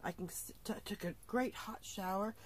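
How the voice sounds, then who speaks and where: A middle-aged woman talks into her camera from inside her camper at the end of a long day. She sounds tired but keeps laughing as she recounts the story, jumping up in pitch whenever she mimics someone else. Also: moderate pace. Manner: animated, laughing often, acting out quoted voices. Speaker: vlogger. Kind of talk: casual storytelling vlog.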